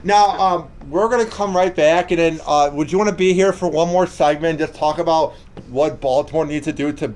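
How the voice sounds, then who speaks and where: A man's voice: on the high side, fairly quick, hardly any pauses. A young man hosting a college radio show, chatting casually and joking about sports. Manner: relaxed, joking, laughs easily. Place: small college radio studio.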